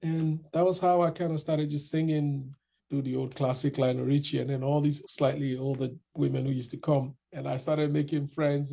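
Gravelly man telling a story. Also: on the high side, normal speed. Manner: animated, quotes others in raised voices. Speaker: interviewee. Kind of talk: casual storytelling.

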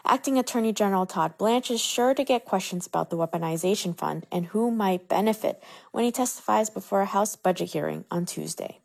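A woman reporter delivering a scripted radio news report in a brisk, even manner. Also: medium pitch, creaky.

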